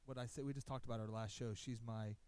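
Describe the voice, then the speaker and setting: A man co-hosting a podcast in casual chat, talking haltingly, searching for words and joking about himself. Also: mid-range voice, steady tone, darkish tone, clear, resonant tone. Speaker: podcast co-host. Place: podcast studio.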